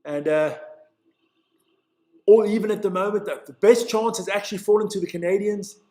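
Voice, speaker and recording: Excitable high-voiced Swiss-born commentator. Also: male voice, normal speed, roomy sound. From Switzerland. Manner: chatty, excitable, stumbles over names. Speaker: live-stream commentator. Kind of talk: casual live play-by-play commentary.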